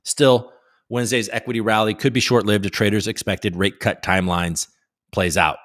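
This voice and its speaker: A man's voice: fairly low pitch, steady tone, normal speed, fairly bright tone. A man hosting a livestream, reading news headlines aloud in a casual way with joking asides. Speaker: host.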